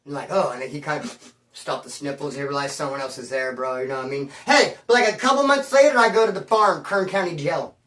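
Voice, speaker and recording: A man's voice: on the high side, fast, sharp tone, far from the mic. Casting note: man telling stories at home, slangy and rambling, roomy sound with the mic set back. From Bakersfield area. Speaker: storyteller on his own channel. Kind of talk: casual storytelling. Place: room at home.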